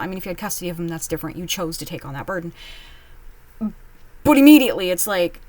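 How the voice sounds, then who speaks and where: A woman giving casual reaction commentary while reading online posts at home, chatty and candid, with quick asides. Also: mid-range voice, big pitch swings, dry recording. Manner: chatty, candid, quips and mimics others in asides. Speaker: online post reader and commentator.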